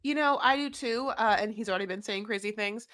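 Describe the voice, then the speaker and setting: A woman co-hosting a podcast, chatting casually and animatedly about a reality show, with plenty of swearing and quick impressions of people. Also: a little high, dry recording, clean studio sound. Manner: animated, profane, mimics people in put-on voices. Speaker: podcast co-host.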